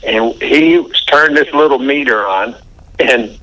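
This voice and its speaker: An older American man telling stories in a relaxed, folksy way during a casual interview, with plenty of fillers. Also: medium pitch, slow pace, low-quality recording. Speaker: interview guest.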